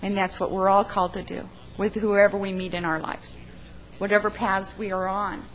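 A woman who works as a funeral arranger, sharing an earnest, emotional testimony in church, halting at times. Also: mid-range voice, flat delivery, muffled recording.

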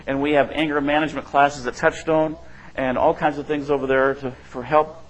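A man's voice: medium pitch, low-quality recording. A middle-aged male pastor preaching in a loose, conversational way, often checking in with the room and acting out quotes. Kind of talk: sermon.

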